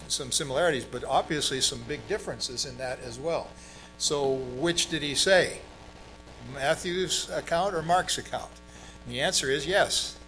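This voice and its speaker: A man's voice: fairly high pitch, sharp tone, poor audio. A middle-aged man who grew up in Brazil, preaching a sermon in a conversational way, with fillers and emphatic stresses. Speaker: pastor.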